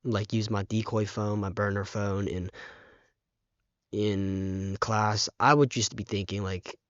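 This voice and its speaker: A man's voice: on the low side, steady tone, dry recording. Teenage boy vlogging through tears. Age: teens. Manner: halting, lots of fillers and restarts. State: close to tears. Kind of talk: casual vlog monologue. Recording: dull, muffled microphone.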